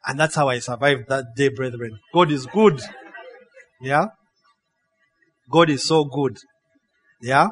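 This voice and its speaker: High-voiced man preaching with lively energy. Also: measured pace, long pauses. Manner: animated preaching, checks in with listeners by asking "huh?" and "yeah?"; storytelling with laughs and playful acted quotes. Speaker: pastor. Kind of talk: sermon with a personal story.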